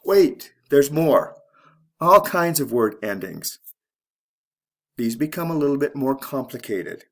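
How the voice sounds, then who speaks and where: A man teaching English pronunciation, explaining word stress slowly and deliberately and spelling out letters one by one. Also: mid-range voice, sing-song, a bit bright. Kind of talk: slow instructional explanation.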